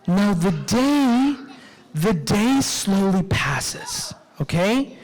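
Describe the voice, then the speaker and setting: A man telling a story to children at a live convention session, expressive and engaging the audience with call-and-response. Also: sits high, drawn-out words, rough recording.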